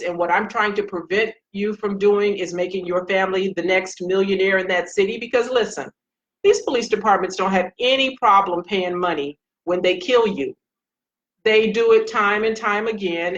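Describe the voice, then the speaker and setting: A woman's voice: medium pitch, a bit bright. A woman with a mid-range voice speaks earnestly on a livestream, giving commentary as a former police sergeant. She talks straight to her viewers and greets them by name. The audio is a little dull, like a webcam or phone mic. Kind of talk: casual Facebook Live commentary.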